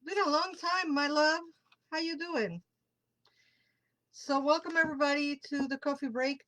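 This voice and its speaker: A woman whose first language is Spanish chats through a live tarot stream in a slightly high voice. She takes her time and greets viewers one by one, with Spanish words slipped into her English. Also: a little hiss or hum, rough recording. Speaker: tarot reader hosting a live show. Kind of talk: casual live-stream chat.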